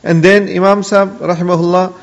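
A man's voice: sits high, flat delivery, brisk. A man giving a religious lesson, telling an old story in an earnest way. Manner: earnest, story-driven, peppered with pious honorifics. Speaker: Islamic religious teacher. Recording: dull lo-fi audio with long hall reverb.

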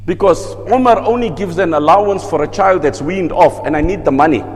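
A desperate young mother explaining herself plainly, as a male preacher puts her on. The voice is high and rings with a long hall reverb. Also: a little fast, a little mellow, natural voice.

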